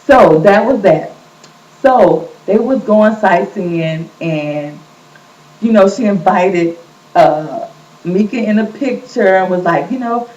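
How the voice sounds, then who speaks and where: A woman's voice: medium pitch, a little slow. Lady chatting about tv drama, voice jumps all over, sounds far off in an echoey room, kinda muffled. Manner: animated, gossipy, quotes people in lively voices. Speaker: vlog host recapping a reality show. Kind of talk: casual chatty recap. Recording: echoey, distant, dull lo-fi sound.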